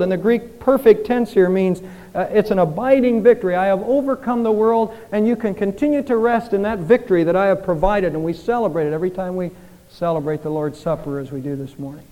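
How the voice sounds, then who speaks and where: A male pastor with a high, mellow voice delivers an earnest sermon. He presses the congregation with rhetorical questions that swell and then drop to hushed pleading. The sound rings with a long church-hall reverb. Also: fairly quick. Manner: earnest preaching with rising and falling intensity, rhetorical questions. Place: church sanctuary.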